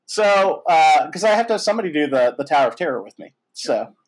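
Brief: thirties male host, upbeat raconteur, slightly high voice, loose and chatty. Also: fast talker, low-quality recording. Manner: animated, lively storyteller with frequent fillers and mild swearing. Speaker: podcast host. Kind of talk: casual storytelling chat.

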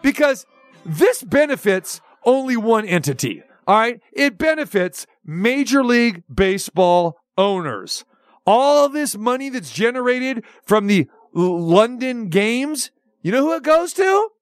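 High-voiced ranting sports radio man. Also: measured pace, no room sound, studio quality. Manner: animated, sarcastic, ranting. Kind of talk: sports talk radio rant.

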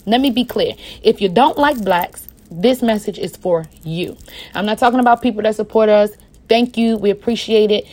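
A woman hosting a podcast, talking in an impassioned, casual monologue that swings between a low, quiet voice and a raised one, addressing her listeners as y'all. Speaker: podcast host.

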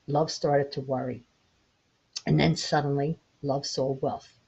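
A woman in her sixties hosting her own podcast, gently telling a parable in an unhurried, reflective way. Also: a bass voice, fairly even intonation, slightly rough. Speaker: podcast host. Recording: dull lo-fi home recording.

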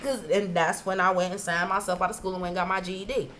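Woman, podcast co-host, swearing storyteller who acts out every argument, mid-pitched voice, faint hiss behind her. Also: fast, few pauses. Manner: profane, animated, acts out quoted arguments. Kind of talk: casual storytelling chat.

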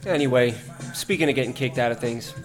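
Man, podcast host, laid-back joking, mid pitch, music in the background. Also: brisk. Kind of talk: casual chat.

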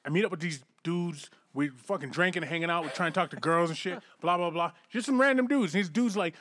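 Dude telling long cussing stories on a podcast, voice pitched a bit high. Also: male voice, fast, hardly any pauses, fairly bright tone. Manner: profane, rambling storyteller; does mocking voices when quoting. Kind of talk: casual chat.

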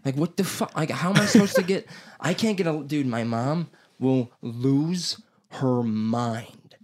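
A young man hosting a podcast, telling stories in casual chat, rambling, swearing freely and breaking into loud impressions. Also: medium pitch, a little slow. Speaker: podcast host.

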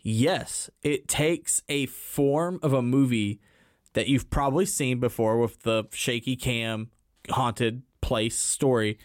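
A man's voice: medium pitch, slow pace, no room sound, clean studio sound. A man co-hosting a casual movie podcast, blunt and emphatic, swearing often as he gives his opinions. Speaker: podcast co-host. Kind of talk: casual movie review chat.

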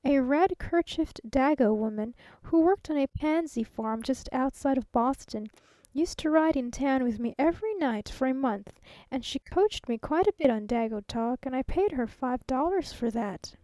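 Chatty, earnest middle-aged salesman, folksy, high and dry, read by a woman. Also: lively intonation, moderate pace, dark tone, dry recording.

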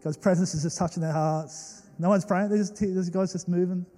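In a church hall with long reverb, a young Australian pastor delivers a storytelling sermon. His high, mellow voice keeps a fairly even intonation and a fairly quick pace, and he speaks earnestly and emotionally, stumbling over many fillers and restarts.

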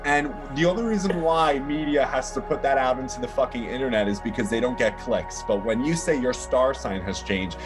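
A man of middling pitch talks in a loose, profane, animated way, piling on asides and jokes. He speaks from a bedroom over a call, with faint music playing under the conversation. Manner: profane, animated and fast-talking. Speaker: astrologer guest. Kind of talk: casual podcast chat. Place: grandmother's house bedroom.

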